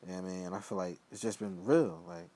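With a deep, warm voice at normal speed, a young man from Philadelphia hosts his own show over slight background noise. His solo talk is casual and rambling, often slipping into mumbled asides.

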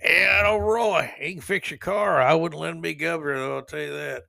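A slow-witted, folksy man drawls along with a drawl from the American South, as a male podcaster puts him on in mockery. The voice sits a little high for a man, with a lazy, simple-minded manner. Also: vocal fry, bright, forceful tone, no room sound, clean studio sound, exaggerated voice. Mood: mocking.

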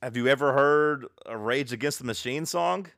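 A man's voice: medium pitch, moderate pace, gravelly, a bit bright, no echo, clean studio sound. A young man co-hosting a podcast, teasing and blunt in casual chat. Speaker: podcast co-host.

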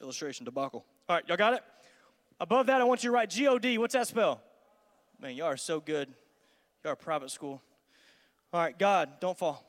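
A man, a student pastor giving an energetic, conversational youth sermon in a large church hall. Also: on the high side, brisk, pauses often. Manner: energetic, conversational, acts out dialogues. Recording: long hall reverb.

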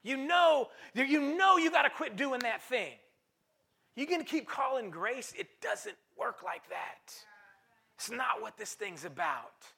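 Male pastor, high bright voice with gravel, emphatic sermon with repeated lines and calls to the crowd. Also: expressive, takes it slowly. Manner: emphatic, repeats phrases for stress; calls to the congregation.

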